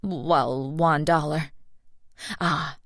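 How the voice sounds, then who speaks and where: Woman narrator doing helpful middle-aged Italian local on a bike, heavy Italian accent, low voice, dry close mic. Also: steady tone, extremely slow, no echo, heavily acted.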